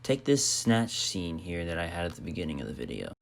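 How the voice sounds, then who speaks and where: A young man, a film student, narrating a video essay in a measured way with filler sounds. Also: sits low, big pitch swings, vocal fry, heavy background noise. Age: young adult.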